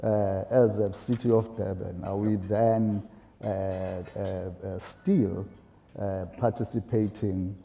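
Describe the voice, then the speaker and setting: A man speaking on a panel in a gravelly, very dark voice. He talks haltingly, with fillers and rhetorical questions, and his voice rings in an echoey room. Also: lowish voice, steady tone. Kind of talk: panel discussion. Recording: roomy echo.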